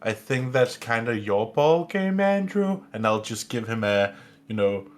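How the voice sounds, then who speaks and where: A man's voice: medium pitch, big pitch swings, measured pace, slight background noise. A man playing a tabletop role-playing game, recapping events in a rambling way. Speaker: player.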